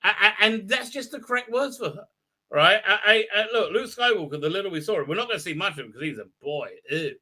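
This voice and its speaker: Bright-voiced rambling male streamer. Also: high-pitched, expressive, fast. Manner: rambling, crude, full of fillers and restarts. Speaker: live show host. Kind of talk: casual live stream recap.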